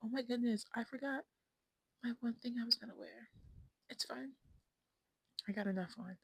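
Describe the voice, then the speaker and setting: On a low-quality recording with no room sound, a woman in her twenties vlogs from home at normal speed. Her high-leaning voice is gravelly with a breathy edge. She rambles frankly and self-absorbedly into her phone camera, often falling into a whisper.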